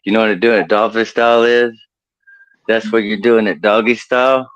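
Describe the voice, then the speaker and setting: A man with a fairly low voice rattles off crude stand-up jokes and chuckles at his own punchlines. The sound is dry and dull, like a video call feed. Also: steady tone, moderate pace, fairly bright tone, dry recording. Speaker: stand-up comedian contestant. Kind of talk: stand-up comedy set.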